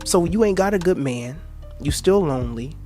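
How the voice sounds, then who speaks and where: A man's voice: a little high, expressive, moderate pace, mellow, faint music behind. A man hosting a reaction video, lecturing in a preachy way, quoting scripture with crude asides.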